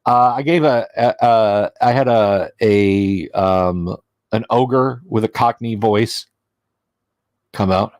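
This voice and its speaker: A man's voice: lowish voice, takes it slowly, a little mellow, dry recording. A man hosting a casual livestream as game master, talking in a rambling, chatty and self-deprecating way, his voice tired from talking all day.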